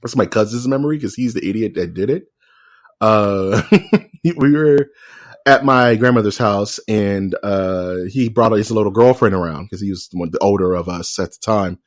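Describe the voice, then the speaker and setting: A man's voice: on the low side, normal speed. A man co-hosting a podcast in loose, joking casual chat, with many restarts. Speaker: podcast co-host.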